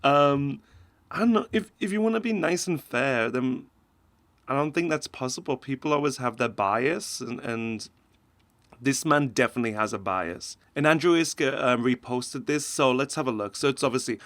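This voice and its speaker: A man's voice: medium pitch, expressive, moderate pace, dry recording. A man giving casual satirical reaction commentary in a sarcastic tone, often laughing between remarks. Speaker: commentary host.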